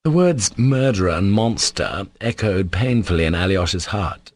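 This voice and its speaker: A male narrator reads a classic novel in a measured, steady manner. His voice sits on the low side. The recording is dry and close, with no room sound. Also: no echo. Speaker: audiobook narrator. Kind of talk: scripted literary narration.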